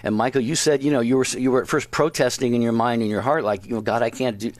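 A man's voice: mid-range voice, fast, dry recording. Affirming male radio host, dry sound. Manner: affirming, reflective with fillers. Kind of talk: interview conversation.

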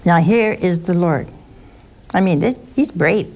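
A woman's voice: on the low side, measured pace, darkish tone. An older woman teaching a Bible lesson, chatty and teasing, asking her listeners questions. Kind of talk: sermon-style Bible teaching.

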